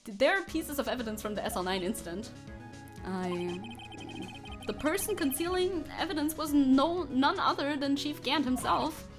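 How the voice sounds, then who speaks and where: A woman voicing an earnest young male defense lawyer who presses his questions quickly. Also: sits high, lively intonation, music in the background. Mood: pressing.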